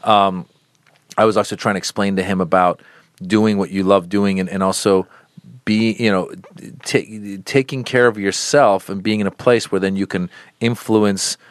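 A middle-aged comedian, guesting on a podcast, tells stories in a casual interview with a lowish, fairly even voice at normal speed. He rambles, restarts often, and sometimes acts out the voices of people in his stories. The studio-quality recording has no room sound.

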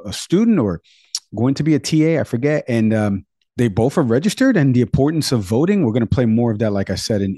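Deep-voiced male talk show host. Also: warm tone, dry recording, clean studio sound. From Florida. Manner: conversational, reads poll numbers. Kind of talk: political talk show discussion.

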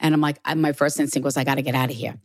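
A woman's voice: sits low, fairly even intonation, rapid-fire, dry recording, studio quality. A middle-aged woman working as a medium, telling stories in a casual podcast conversation. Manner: storytelling, relays messages from the dead. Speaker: guest, medium.

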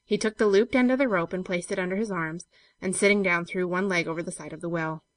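A woman reading a classic story aloud in a measured, steady way. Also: lowish voice, no room sound. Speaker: narrator.

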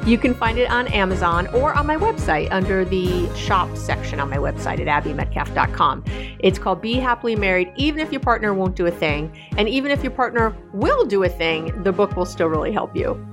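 A woman's voice: mid-range voice, lively intonation, a little fast. Middle-aged woman, relationship podcast host; enthusiastic, chatty, emphatic repeats, faint music bed. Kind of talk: warm direct-to-listener podcast talk.

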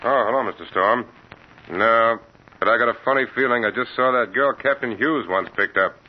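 A man's voice: mid-range voice, moderate pace, lightly acted. An actor playing a plain-spoken beat cop in a 1940s radio drama, matter-of-fact in his street talk. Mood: puzzled. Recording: old radio broadcast, dull with faint hiss.

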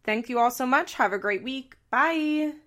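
A woman hosting a podcast, recapping a reality show in casual, animated chat with laughs and swearing. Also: sits high, normal speed, background noise.

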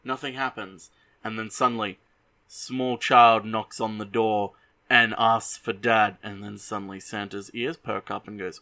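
A young adult man hosting a show who casually retells a movie in animated bursts. He swears freely and often restarts his sentences. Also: lowish voice, a little slow. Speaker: host.

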